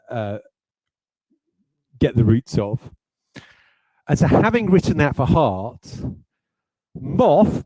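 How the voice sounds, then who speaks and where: Rambling mellow-voiced game designer. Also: male voice, mid-range voice, no room sound, low-quality recording. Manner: rambling, self-deprecating, many fillers and restarts. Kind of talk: livestreamed design talk.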